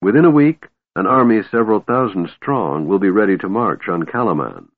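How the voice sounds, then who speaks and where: A man voicing a cold, scheming female warlord who speaks coolly and smoothly. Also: on the low side, expressive, brisk, dry recording. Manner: cool, cutting, smooth. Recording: narrow phone-like sound, dry.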